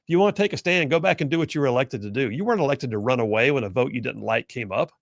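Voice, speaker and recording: A man's voice: mid-range voice, lively intonation, rapid-fire, creaky, no room sound, clean studio sound. A man hosting a political talk show, delivering sarcastic commentary and mocking opponents in whiny put-on voices.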